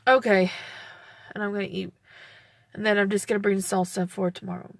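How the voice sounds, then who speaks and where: A woman's voice: mid-range voice, level tone, brisk, vocal fry, no room sound. A young woman talking in a personal vlog, rambling with many fillers and close to tears. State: teary, near crying. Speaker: vlogger.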